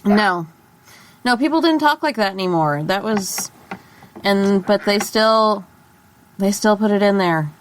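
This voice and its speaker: Slow-talking woman podcast co-host. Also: mid-range voice, slight background noise. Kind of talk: casual podcast chat.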